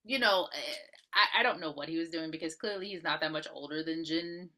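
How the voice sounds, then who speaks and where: A woman co-hosting a podcast, casually recapping a film, animated and profane as she acts out characters' lines. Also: sits low, fairly quick. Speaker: podcast co-host. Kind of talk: casual movie recap chat.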